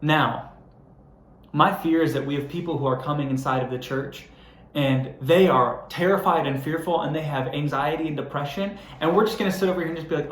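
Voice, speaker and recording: A man's voice: fairly high pitch, fairly quick, a bit bright, reverberant. Young man preaching with easy humor. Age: young adult. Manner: conversational, self-deprecating storytelling building to earnest preaching. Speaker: young adults pastor. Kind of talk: sermon. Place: church hall.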